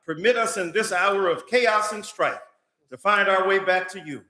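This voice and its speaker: A man's voice: high voice, normal speed, bright, forceful tone. A man serving as guest chaplain, delivering an oratorical prayer to a legislative chamber in a rhythmic preacher's cadence with building repetitions. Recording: echoey chamber through PA.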